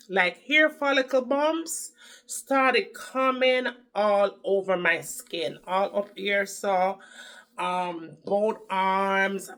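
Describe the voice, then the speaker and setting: A woman's voice: mid-range voice, sharp tone. A woman with a Jamaican accent chatting to camera as a vlogger, telling her story in a chatty, dramatic way. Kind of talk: casual chat to camera.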